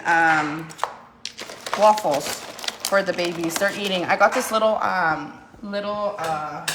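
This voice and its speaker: A woman's voice: lowish voice, slow pace. A woman, a mother of several kids, chatting candidly at home in her kitchen and giving firm commands to her children. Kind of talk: casual chat vlog. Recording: noisy home recording.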